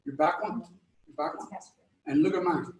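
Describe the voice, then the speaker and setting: High-voiced karate coach, from across the room. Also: male voice, moderate pace, roomy sound, distant mic, poor audio. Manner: repetitive, many restarts and "right?" checks. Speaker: karate instructor. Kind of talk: online class instruction.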